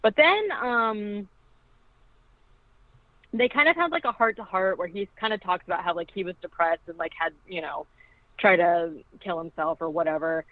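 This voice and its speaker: A woman's voice: on the low side, moderate pace, dry recording. Chatty woman on a tinny phone line. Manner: chatty, peppered with "like", acts out quoted lines. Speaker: podcast co-host. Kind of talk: casual film recap.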